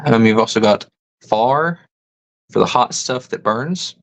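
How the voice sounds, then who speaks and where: A man's voice: medium pitch, moderate pace, gravelly, poor audio. A man hosting a casual livestream, reading chat comments aloud and musing over them. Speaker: host.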